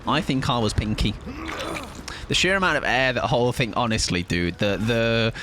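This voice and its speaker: A young man streaming a game live, rambling and joking with his viewers, laughing often and breaking into excited outbursts. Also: mid-range voice, moderate pace, background noise. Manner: rambling, jokey, chats to viewers while playing. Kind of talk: live gameplay commentary with chat.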